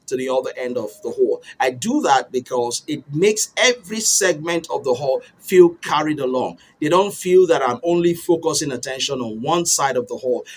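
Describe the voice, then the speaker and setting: Male speaking coach, slightly high voice, animated teaching delivery with deliberate ups and downs. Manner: animated, varies pitch and pace on purpose. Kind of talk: instructional talk to camera.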